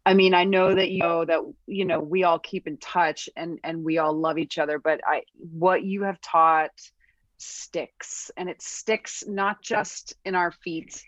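Low-voiced woman, podcast guest, ballet dancer, warm and gushing, dry dull-sounding recording. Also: fairly even intonation, unhurried, dry recording. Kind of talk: casual chat.

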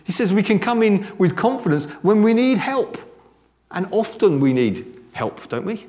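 Lively man preaching animatedly. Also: high-pitched, moderate pace. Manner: animated, conversational, joking asides. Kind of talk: sermon. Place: church service with congregation responding.

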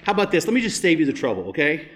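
A man's voice: fairly high pitch, big pitch swings, very fast, fairly bright tone. A male pastor preaching a sermon in a conversational way, often checking in with rhetorical questions.

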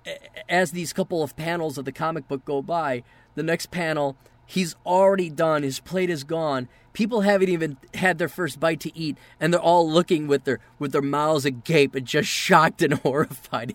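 A man's voice: a little high, expressive, moderate pace, no echo. A man hosting a podcast, delivering a profane, exasperated rant. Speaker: podcast host. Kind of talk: ranting podcast monologue.

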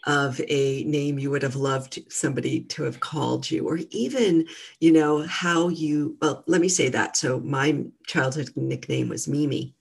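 Middle-aged female guest coach, gentle delivery, husky and slightly gravelly. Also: extremely low pitch, measured pace. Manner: gentle, warm coaching tone with many fillers. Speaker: guest, mental fitness trainer. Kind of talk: casual interview talk.

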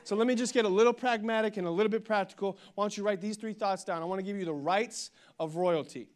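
Young male pastor, high-pitched, energetic sermon delivery. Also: fast talker. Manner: energetic preaching that builds to loud declarations, with humorous storytelling.

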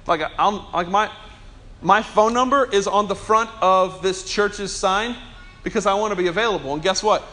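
Pastor guy with a pretty high voice, preaching in church, chatty and jokey, asks for amens a lot. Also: fairly bright tone. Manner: conversational, joking with the congregation; calls for amens from the congregation. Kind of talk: sermon. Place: church before a congregation.

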